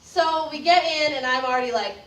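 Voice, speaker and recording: A young woman telling a personal story in a casual, animated way, laughing and getting louder as it builds. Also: sits high, a little fast, heavy background noise. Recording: roomy distant mic with faint ambience.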